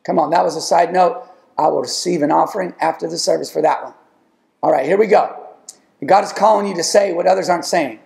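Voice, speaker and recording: A man's voice: a little high, fairly quick, creaky, a little mellow, reverberant. A man preaching a sermon as pastor, emphatic, with rising calls to the congregation. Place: church sanctuary.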